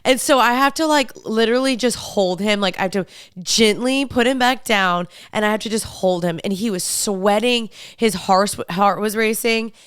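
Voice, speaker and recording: A young woman hosting her podcast, bubbly and chatty, her talk dotted with "like" and "literally". Her voice comes through smooth and resonant. The sound is close and dry, with no room echo. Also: medium pitch, moderate pace, a bit bright. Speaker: podcast host. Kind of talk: casual chat.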